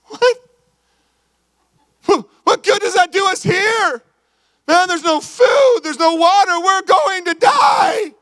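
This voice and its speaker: A pastor putting on a terrified castaway whose voice jumps way up high as he yells in a frenzy. He is sure he will die, and his shouting comes out strained and desperate. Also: lively intonation, takes it slowly, pauses often, heavily acted. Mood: panicked. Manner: frantic, shouting. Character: panicked shipwrecked man, sure he will die.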